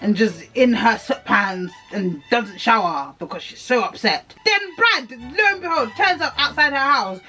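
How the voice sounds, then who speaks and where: A young woman rants through a TV recap with heavy sarcasm and plenty of swearing. Her voice sits high, and soft music plays faintly underneath. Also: a little slow, few pauses. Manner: sarcastic, profane, animated. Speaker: TV reviewer. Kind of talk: casual ranting recap.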